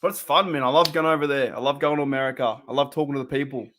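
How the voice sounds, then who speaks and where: A young Australian man chatting casually and laid-back on a live stream, laughing often and reacting loudly to the plays. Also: medium pitch, rapid-fire, a little hiss or hum. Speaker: watch party streamer.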